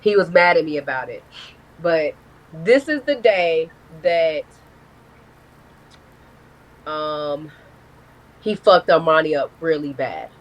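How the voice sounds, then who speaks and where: A woman's voice: sits low, takes it slowly, long pauses, poor audio. A woman, a guest telling a blunt, profane story in a casual live-stream interview. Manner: candid, profane, animated storytelling.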